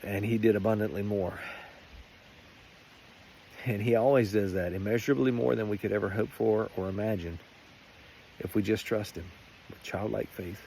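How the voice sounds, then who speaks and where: A man's voice: lowish voice, normal speed, creaky, pauses often, dark tone, slight background noise. A man giving a rambling, earnest personal faith testimony in a vlog. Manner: earnest, rambling, many restarts. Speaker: faith vlogger.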